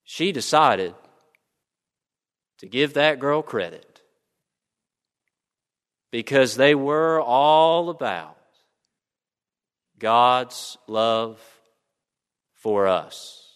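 A man preaching a sermon, telling a story slowly and deliberately. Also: mid-range voice, lively intonation, fairly bright tone, clean tone, big-room sound. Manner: slow, deliberate, reflective.

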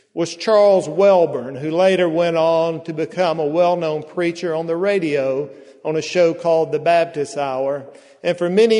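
This pastor has a somewhat high, slightly mellow voice and preaches a sermon a little louder than normal, lingering over each phrase. He tells his story slowly and at length, with emphatic pauses, and a long reverb makes his words ring out like in a big church sanctuary.

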